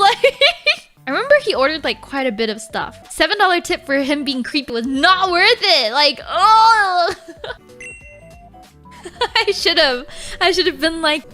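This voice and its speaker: High bright-voiced woman telling stories. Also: moderate pace, faint music behind. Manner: animated, heavy use of 'like'. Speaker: streamer. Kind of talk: casual storytelling.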